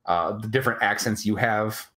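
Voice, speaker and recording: An American man co-hosting a casual chat, rambling and halting with many restarts. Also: lowish voice, sharp tone. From United States. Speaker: co-host.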